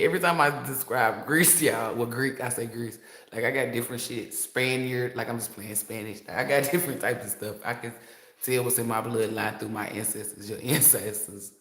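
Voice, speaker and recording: Animated, profane man in an echoey room. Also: mid-range voice. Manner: animated, profane storytelling, addresses viewers as y'all. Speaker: tarot reader. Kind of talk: casual livestream chat.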